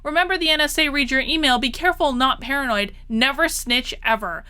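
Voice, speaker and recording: A woman's voice: high-pitched, brisk, sharp tone. A woman talking straight to her audience in a casual monologue, exasperated and repeating herself for emphasis. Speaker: political commentary vlogger.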